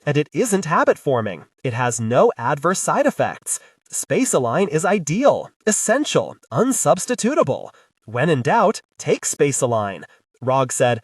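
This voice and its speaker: A man narrating a hardboiled sci-fi audiobook in the first person, wisecracking and expressive. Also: on the high side, a little slow, husky, dry recording, clean studio sound.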